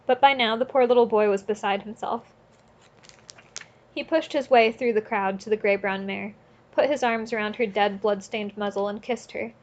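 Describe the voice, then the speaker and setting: A woman narrating an audiobook in a steady, earnest reading voice, now and then correcting a slip. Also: medium pitch, dull audio. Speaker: audiobook reader.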